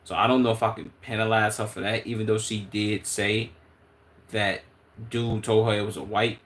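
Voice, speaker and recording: A man's voice: fairly low pitch, moderate pace. Laid-back streamer man with a Chicago accent. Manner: relaxed, thinking aloud with slang and restarts. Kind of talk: casual live-stream commentary.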